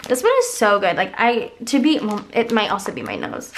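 A woman's voice: medium pitch, wildly swooping pitch, brisk, slight background noise. A young woman with a congested, stuffy voice, chatting casually and rambling through a shopping haul with lots of filler words. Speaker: haul vlogger.

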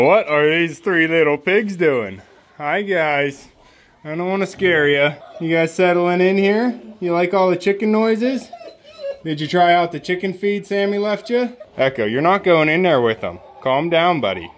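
A man doing casual vlog narration during farm chores, talking softly and fondly to his animals in a barn. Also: on the high side, a little hiss or hum. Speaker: homesteader. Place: barn and animal pen, indoors. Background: chickens clucking.

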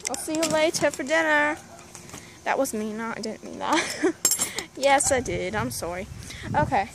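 Woman, high voice, deadpan, sarcastic, outdoor garden vlog, noisy background, dog barking. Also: normal speed, gravelly, pauses often. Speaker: vlogger. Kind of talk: casual comedic garden tour. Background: neighbor's dog barking.

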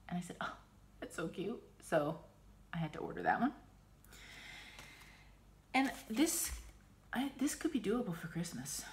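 A middle-aged woman from the United States talks casually in a slightly low voice. She gushes, gets emotional and trails off into restarts as she shows off her craft supplies. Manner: chatty, gushing, emotional. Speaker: cross-stitch vlogger. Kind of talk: casual chat.

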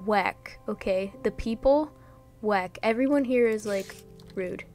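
A young New York woman, a gaming vlogger, chats and jokes through casual gameplay commentary in a medium-pitched, darkish voice at a slow pace. Her talk is full of fillers, laughs, and sudden startles, with faint music behind her.

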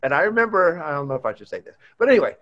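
A man in his fifties, a former pro baseball player, chatting as a podcast guest and telling relaxed, expressive stories. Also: a little high, rapid-fire, a little hiss or hum. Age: 50s. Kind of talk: casual chat. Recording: dull lo-fi remote audio.

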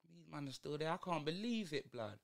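A man's voice: fairly high pitch, animated, brisk, gravelly. A young man, ranting in slang through a live football watch-along stream. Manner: exasperated, slangy ranting at the match.

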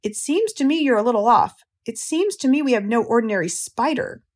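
A woman voicing a practical, skeptical farm wife who speaks briskly and doubtfully in a storybook reading. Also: a little high, expressive, a little mellow.

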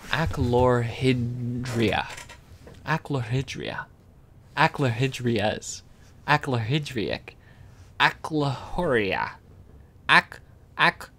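A man casually reading dictionary words aloud, slowly sounding out hard ones, stumbling, correcting himself and adding dry amused asides. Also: medium pitch, sharp tone.

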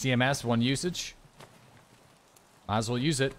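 A man's voice: medium pitch, normal speed, fairly bright tone. A young man, streaming a shooter game with joking, swearing running commentary. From Canada. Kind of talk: casual gameplay commentary.

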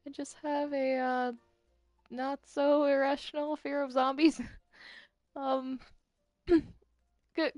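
A woman's voice: high voice, little pitch movement, slow, long pauses, darkish tone, no echo, clean studio sound. A woman improvising a game roleplay, hesitant and stammering, filling gaps with fillers and nervous laughs. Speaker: roleplay player.

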